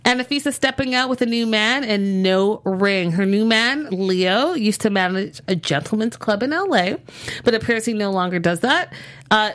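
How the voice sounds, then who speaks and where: A woman co-hosting a casual entertainment news show, talking in an animated way with playful asides and slang. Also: medium pitch. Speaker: co-host.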